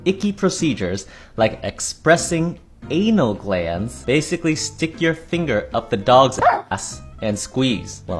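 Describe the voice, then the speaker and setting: A man reading out funny hospital stories with wry, deadpan asides. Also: mid-range voice. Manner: wry, deadpan reactions between read-out stories. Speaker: TikTok creator reading and reacting to stories. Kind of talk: comedic storytelling with asides.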